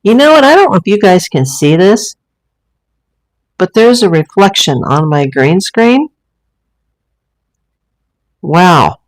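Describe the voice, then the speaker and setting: A woman with a somewhat low voice hosts a casual livestream from her room at home. She rambles along in a chatty way, full of fillers and restarts, speaking straight to her viewers. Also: very animated, slow, pauses often, poor audio. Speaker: livestream host. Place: home room with a green screen and ring light.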